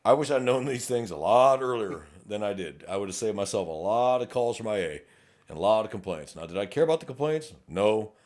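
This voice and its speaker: A man's voice: lowish voice, animated, brisk, darkish tone. A middle-aged man with a Texan accent, a police officer co-hosting a casual podcast, talking bluntly with plenty of profanity and acting out exchanges with drivers. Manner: blunt and profane, acts out traffic-stop exchanges.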